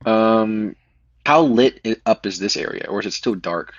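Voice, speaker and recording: A man's voice: lowish voice, moderate pace, dry recording. A man playing in a tabletop game, asking clarifying questions about the scene. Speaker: player. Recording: dry dull lo-fi mic.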